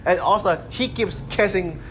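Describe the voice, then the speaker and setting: A man's voice: high-pitched, moderate pace, fairly bright tone, a little hiss or hum. A man ranting unscripted to his channel, exasperated and rambling, with many fillers and restarts. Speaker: channel host ranting about a critic. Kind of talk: unscripted rant to camera.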